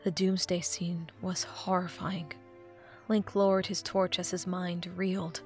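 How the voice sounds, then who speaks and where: A woman reading a fan fiction audiobook, with expressive narration that drops to a hush at dramatic moments. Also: on the low side, unhurried, faint music behind.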